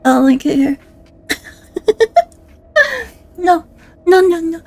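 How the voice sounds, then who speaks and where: A woman's voice: very high voice, normal speed, warm tone, dry recording. A woman streamer chatting casually on a live stream, giggling often, self-conscious and swearing a lot.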